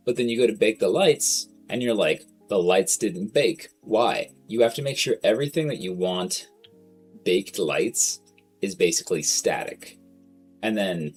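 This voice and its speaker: Deep-voiced guy streaming, rambly and slangy, cusses a lot, bit of guitar music playing low behind him. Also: husky. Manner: rambling, slangy, swears freely. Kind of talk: casual livestream chat.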